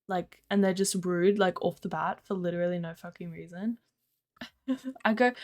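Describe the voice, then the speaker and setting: Speaking fairly quickly in a medium-pitched, darkish voice, a young Australian livestreamer tells casual stories. She says "like" constantly, swears and laughs often.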